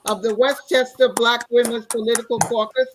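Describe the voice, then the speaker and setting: A woman guest on a radio talk show, speaking briskly as she announces things. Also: on the high side, fairly even intonation, background noise.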